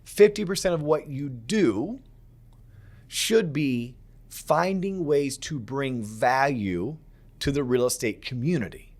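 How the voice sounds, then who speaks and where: A man's voice: mid-range voice, lively intonation, takes it slowly. A man hosting a casual podcast, talking emphatically and acting out conversations he quotes. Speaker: podcast host.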